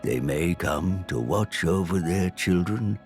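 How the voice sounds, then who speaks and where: An actor voicing an ancient, wise male titan blade who speaks in a slow, measured way, heard from game audio over music. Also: low-pitched, lively intonation, darkish tone. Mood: solemn.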